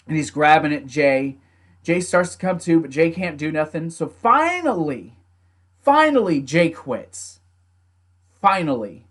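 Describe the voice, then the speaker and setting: A young man talks through a wrestling match in a loose, casual recap, his voice set a little high for a man. He gets animated and laughs easily, now and then slipping into quick acted-out lines from the wrestlers. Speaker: wrestling show reviewer.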